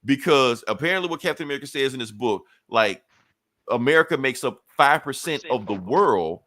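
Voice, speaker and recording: A man's voice: medium pitch, expressive, brisk, pushed and bright, dry recording. A man casually retelling a comic book story on a podcast, acting out the characters' lines and laughing often. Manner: loose storytelling, acts out quotes, laughs often. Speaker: podcast co-host.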